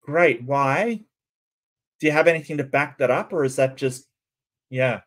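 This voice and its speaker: A man's voice: medium pitch, a little slow. A man hosting casual reaction commentary, incredulous and questioning, with frequent restarts. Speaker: commentary host.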